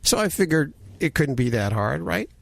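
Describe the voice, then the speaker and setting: A man's voice: fairly high pitch, big pitch swings, normal speed, vocal fry, noisy background. Mock-serious man hosting a radio show. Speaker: radio host. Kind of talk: joking studio banter.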